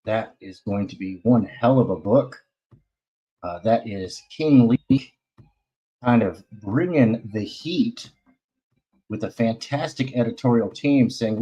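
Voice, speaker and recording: Slow, rambling low-voiced man hosting. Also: mellow, breathy edge, highs cut off. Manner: rambling, loose and slangy, with many fillers. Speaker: host of a comics talk stream. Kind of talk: casual chat.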